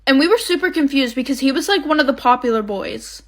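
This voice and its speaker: A woman with a high voice tells a story from her school days. She is chatty and casual and leans on fillers like "like." It is relaxed storytime talk. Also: quick pace.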